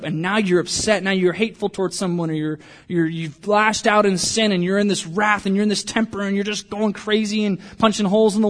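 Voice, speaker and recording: A young adult man preaching a conversational sermon, joking with the congregation and poking fun at himself. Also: high-pitched. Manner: conversational and self-deprecating, jokes with the congregation. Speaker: pastor.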